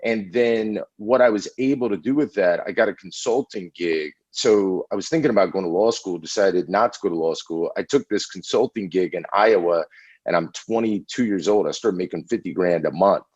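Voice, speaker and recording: A middle-aged man from Indiana, a podcast guest telling animated stories about his past and often saying "man.". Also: low-pitched, normal speed, breathy edge, dry recording. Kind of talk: casual storytelling interview. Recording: dull lo-fi audio.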